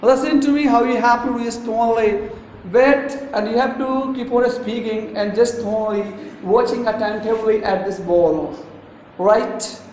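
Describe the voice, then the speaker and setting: A man's voice: extremely high pitch, unhurried, darkish tone. A man teaching a classroom, giving commanding instructions and repeating himself. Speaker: English teacher. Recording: echoey room, faint background noise.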